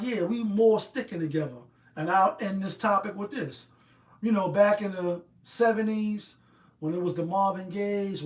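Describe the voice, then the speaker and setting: A man's voice: high voice, fairly bright tone, echoey room. A man hosting a show, giving a rambling, profane, streetwise opinion monologue. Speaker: host. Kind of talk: casual monologue.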